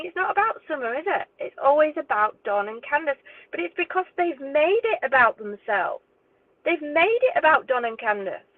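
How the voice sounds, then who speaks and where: Woman, higher voice, angry swearing rant, thin phone-line audio. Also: no echo. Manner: indignant, swearing, exasperated. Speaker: true crime YouTuber. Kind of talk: angry direct-to-camera rant. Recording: tinny phone-like dry audio.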